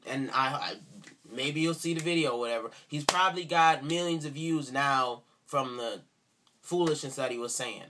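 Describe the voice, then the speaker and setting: A man's voice: mid-range voice, moderate pace, bright, forceful tone, slight background noise. A man speaking in an indignant, sarcastic rant for a response video, repeating himself for emphasis. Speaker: video commentator.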